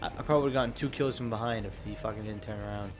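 A young man who hosts a gaming channel chats casually with friends while playing an online shooter, swearing, laughing a lot, and bantering excitably. His lowish voice comes rapid-fire over noisy game audio and faint background music.

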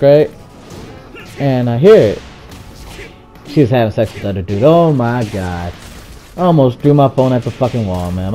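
Young male vlogger, slightly high, mellow voice, animated and profane, faint music behind. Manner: animated, profane, acts out quoted dialogue. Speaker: gaming channel host. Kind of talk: casual storytime monologue.

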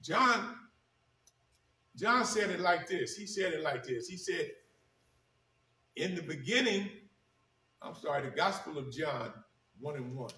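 Man preaching, kinda high bright voice, keeps repeating stuff for emphasis, echoey church room, mic far off. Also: animated. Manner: emphatic, repeats key phrases, slows down on scripture. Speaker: pastor. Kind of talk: sermon.

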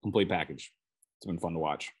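A man with a Minnesotan accent hosts a solo sports podcast, breaking down players and practices. His voice sits low, and he talks in a relaxed, rambling way, often restarting his sentences mid-thought. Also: a little fast, husky. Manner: conversational, with frequent restarts and "you know". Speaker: sports beat writer and podcast host.

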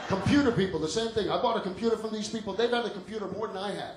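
Brash male stand-up comic roasting the crowd, highish voice, echoey noisy club recording. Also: lively intonation, quick pace. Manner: brash, profane, teasing audience members. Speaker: stand-up comedian. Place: comedy club stage with laughing audience.

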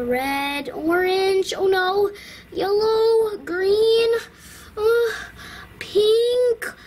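A woman's voice: extremely high pitch, noisy background, voice pushed up, exaggerated voice. A woman voicing a worried toddler girl who mutters to herself while painting in a toy-doll video. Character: anxious little girl toddler rushing to copy.

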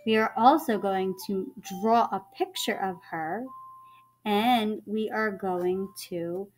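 A woman teacher reading a children's book aloud to her students, expressive and animated, checking in with them along the way. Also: medium pitch, slow, a little hiss or hum.

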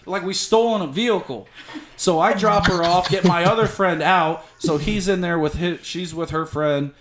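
A young man, a podcast guest, telling a story in a profane, animated way and acting out shouted quotes. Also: sits high, moderate pace, noisy background.

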